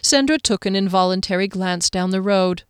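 A woman narrating a fantasy novel aloud with an expressive, dramatic reading. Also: mid-range voice, normal speed, clear, resonant tone, no echo, studio quality. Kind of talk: audiobook narration.

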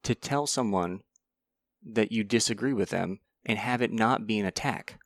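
A man's voice: on the low side, normal speed, no echo, studio quality. A man in casual conversation, thoughtful and asking probing questions. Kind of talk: casual podcast chat.

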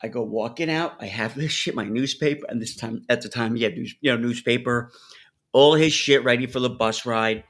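Male talker, New York–New Jersey accent, animated storyteller, loose and profane. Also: medium pitch, brisk. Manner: animated storyteller, swears freely. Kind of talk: casual storytelling chat.

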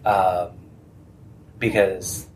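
A man's voice: low-pitched, flat delivery, drawn-out words, a little mellow, slight background noise. A man moderating a convention panel, talking earnestly and with animation, laughing easily.

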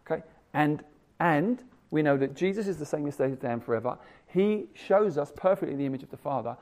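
A man preaching a sermon, animated, swinging from loud emphasis to hushed asides. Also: on the high side, quick pace.

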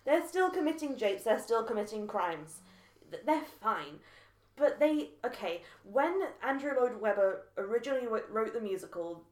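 A woman's voice: a little high, normal speed. Chatty woman in an echoey room. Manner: animated, laughs often, bursts into song. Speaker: podcast co-host. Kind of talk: casual chat.

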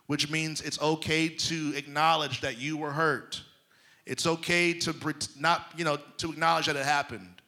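A man preaching a sermon, moving between loud emphatic lines and hushed near-whispers, often checking in with his congregation. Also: on the high side, fairly even intonation, moderate pace. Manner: addresses the congregation directly, checking in with them.

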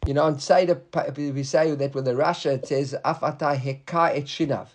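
Animated high-voiced man teaching Talmud. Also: moderate pace. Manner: animated, stumbling restarts, mixes Hebrew and Aramaic terms. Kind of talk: daily Gemara class.

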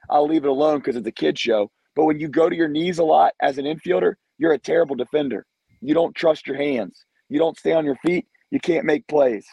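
Gravelly man ranting about baseball. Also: on the high side, mellow, no room sound, poor audio. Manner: blunt, emphatic, repetitive. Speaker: co-host. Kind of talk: heated sports podcast rant.

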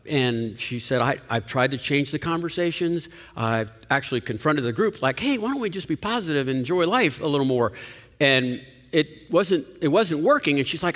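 A man preaching a sermon in an animated way, his voice rising and dropping for emphasis. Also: fairly high pitch. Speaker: pastor. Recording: long reverb of a large hall.

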